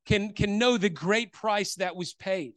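High-voiced man telling a sermon story. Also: measured pace, no room sound. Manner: storytelling, hesitant with many fillers and restarts. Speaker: preacher. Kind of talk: sermon testimony.

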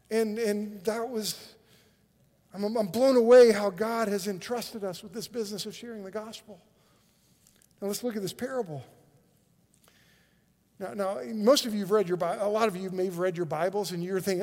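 A male pastor, preaching a sermon with animated energy and frequent word repetitions. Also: sits high, normal speed, long reverb tail. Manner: animated, repeats words when excited.

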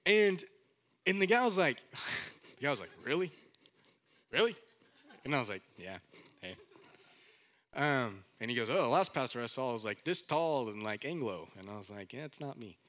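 Bright-voiced young pastor preaching animatedly. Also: male voice, mid-range voice, normal speed, long pauses. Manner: animated storytelling, acting out quoted voices, candid asides. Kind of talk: sermon.

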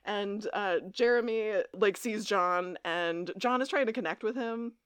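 A woman's voice: medium pitch, unhurried, clean tone, dry recording. A young adult woman co-hosting a podcast, recapping an episode in casual chat and acting out the characters' lines as she goes. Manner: animated, acts out characters' lines while recapping. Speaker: podcast co-host.

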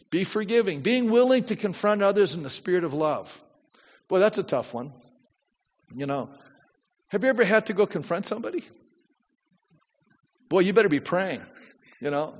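High-voiced pastor preaching in a reverberant hall. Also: male voice, lo-fi sound. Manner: conversational, asks the congregation questions. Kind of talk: sermon.

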